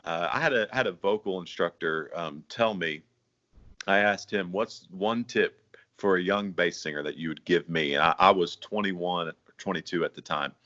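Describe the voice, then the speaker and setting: Deep-voiced man hosting a chat. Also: normal speed, pushed and bright. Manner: friendly, laughs easily, agrees often. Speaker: host, bass singer. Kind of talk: casual interview chat. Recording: dull sound.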